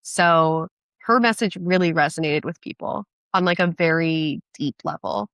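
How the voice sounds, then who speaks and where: A woman chatting as a podcast guest, enthusiastic and quick, with many restarts. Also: fairly low pitch, a bit bright, dry recording. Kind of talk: casual podcast chat.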